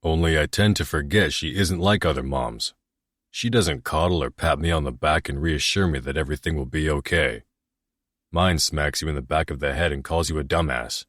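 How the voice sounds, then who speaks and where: A man narrates a first-person romance audiobook in a very deep voice. He sounds brooding and self-critical, with a dry, close studio sound. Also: fairly quick, a bit bright, dry recording.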